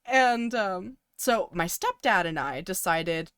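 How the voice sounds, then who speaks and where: A woman's voice: on the low side, a little slow, hardly any pauses, a bit bright, smooth, dry recording, studio quality. A young woman co-hosting a podcast, telling a long story casually with many ums and likes and frequent laughs. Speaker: podcast co-host.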